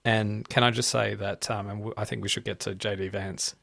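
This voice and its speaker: A man's voice: on the low side, little pitch movement, brisk, vocal fry, a bit bright, no echo. A man co-hosting a podcast in casual political chat. He rambles and keeps tossing in "like" and "right?". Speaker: podcast co-host.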